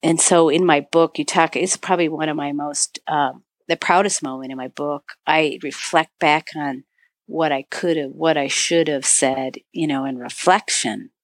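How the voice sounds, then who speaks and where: Woman, middle-aged, low pitch, dry recording, podcast guest, animated storyteller, many fillers. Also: normal speed, dry recording. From northern Michigan. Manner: animated storyteller, acts out quoted dialogue, many "you know" fillers. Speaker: podcast guest, author and avalanche dog handler. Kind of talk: storytelling interview.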